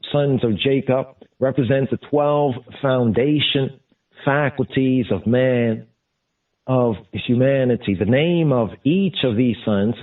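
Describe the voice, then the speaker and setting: Slow, deliberate male Bible teacher. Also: medium pitch. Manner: deliberate, repeats and glosses each term. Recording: distant, phone-like lo-fi sound.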